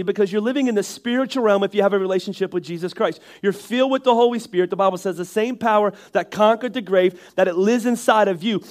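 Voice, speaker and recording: A man with a nasal voice and a Northeastern American accent, preaching a sermon in a casual, joking way. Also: high-pitched. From Northeastern United States. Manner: conversational and joking, with frequent restarts and asides. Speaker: pastor.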